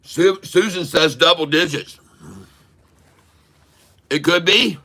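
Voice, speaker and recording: Man, live-stream host, folksy jokes, bright voice, frequent laughs, casual chat. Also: a little high, takes it slowly. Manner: joking and folksy, laughs often, repeats words.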